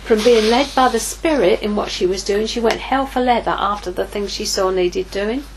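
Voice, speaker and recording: A middle-aged woman preaches informally at a normal speed with a medium-pitched voice, and background noise can be heard. As a ministry leader, she candidly shares a personal story while acting out her inner dialogue.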